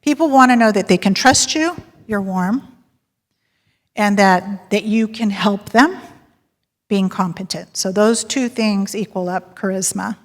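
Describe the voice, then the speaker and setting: A woman giving a sales talk to a live audience, telling stories and polling the crowd with a lively, laughing manner. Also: mid-range voice, measured pace. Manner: lively storyteller, polls the audience and laughs often. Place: large hall with audience. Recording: long hall reverb.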